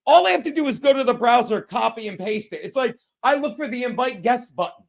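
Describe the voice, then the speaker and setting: Guy with a pretty high voice hosting a stream, rambling and swearing a lot, very casual. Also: lively intonation, fast, vocal fry, hardly any pauses. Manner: profane, rambling storytelling with laughs. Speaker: podcast host. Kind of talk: casual livestream chat.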